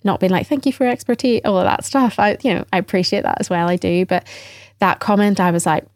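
This podcast guest, a middle-aged trainer who used to teach, talks at a fairly quick pace in a steady, fairly low voice. Her tone is earnest and reflective, and she frequently repeats what others said to her as the interview unfolds conversationally. Audio is studio quality with no audible room.

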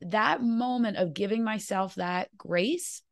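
A woman's voice: mid-range voice, takes it slowly, gravelly. A woman host in casual conversation, earnestly telling a personal story.

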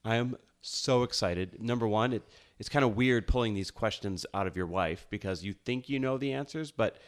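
A man in his thirties hosting a podcast and interviewing his wife, upbeat and energetic. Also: lowish voice, moderate pace. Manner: energetic, hyped intro. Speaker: podcast host.

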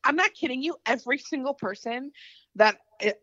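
A woman's voice: high-pitched, animated, a little fast, a bit bright, dry recording, lo-fi sound. A woman as an interview guest, bubbly and giggly, poking fun at herself. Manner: bubbly, giggly, self-mocking. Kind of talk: casual interview chat.

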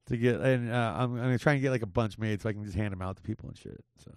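A man's voice: on the low side, very fast, darkish tone, dry recording, studio quality. A young man hosting a podcast in casual chat, joking and rambling with lots of swearing. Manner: profane, jokey, rambling. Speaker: podcast host.

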